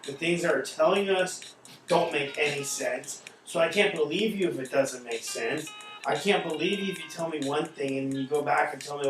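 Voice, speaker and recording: A man talking in a casual chat, animated and swearing often, acting out quoted people as he rants. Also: on the high side, moderate pace, heavy reverb, far from the mic, faint music behind, low-quality recording. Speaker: podcast host.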